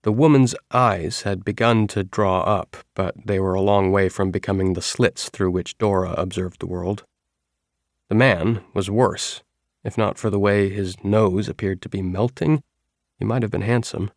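A man reading a first-person novel aloud in a measured, even storytelling manner. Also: lowish voice, no echo, clean studio sound. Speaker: audiobook narrator.

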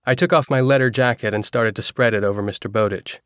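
A man reading a novel aloud as a first-person narrator, in a steady storytelling manner. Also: mid-range voice, fast talker, dry recording, studio quality. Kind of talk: audiobook narration.

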